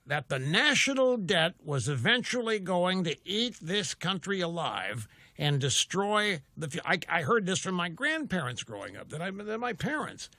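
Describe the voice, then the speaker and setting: Older male talk radio host: bright, dry studio sound, combative, full of rhetorical questions. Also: sits high, no room sound. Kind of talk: political talk radio monologue. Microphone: studio mic.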